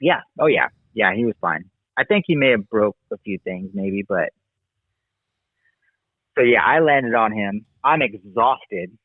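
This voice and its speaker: A man's voice: lowish voice, measured pace, dry recording. A man who is a former motocross racer, telling his career story in a casual, rambling way and often saying "dude" and "like". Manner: relaxed, rambling, says "dude" and "like". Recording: tinny phone-like line, dry.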